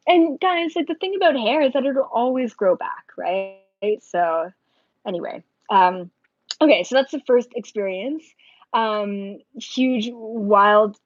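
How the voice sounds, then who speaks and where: A woman's voice: mid-range voice, no echo. A young adult woman telling a personal story on a casual livestream, rambling with lots of filler words, recorded close on a webcam mic. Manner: rambling, heavy use of filler "like". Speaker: spiritual intuitive livestream host. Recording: slightly dull lo-fi dry audio.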